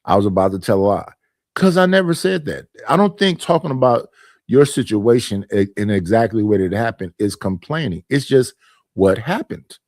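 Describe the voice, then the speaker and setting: In a clean studio recording with no room sound, a streamer and panel host talks in a fairly low, slightly mellow voice at a normal pace. He's expressive as he argues emphatically on his own stream, repeating his points in a relaxed monologue.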